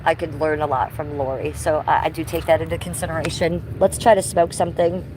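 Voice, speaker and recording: A woman's voice: deep voice, level tone, fairly quick, background noise. A woman live streaming from her phone while walking around, chatting casually with her viewers, rambling and addressing them by name, coughing now and then from smoke.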